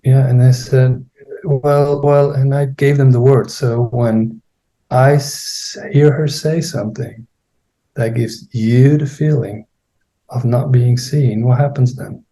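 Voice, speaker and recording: A man's voice: medium pitch, steady tone, slow pace, mellow. A middle-aged male therapy trainer, a guest recounting a therapy case in conversation. He talks unhurriedly, searches for words, and acts out his own and his client's lines.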